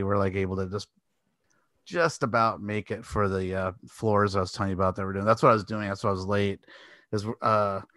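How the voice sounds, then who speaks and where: A man's voice: on the low side, no room sound. Rambling, laughing podcast co-host man. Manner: rambling, animated, laughs often. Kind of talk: casual chat.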